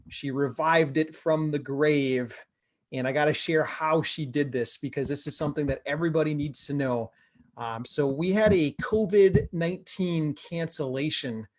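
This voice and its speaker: A man hosting an investing group, telling a member's success story with energy and repeating words for emphasis. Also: fairly high pitch. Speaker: host of a real estate investing group. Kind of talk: motivational storytelling to camera.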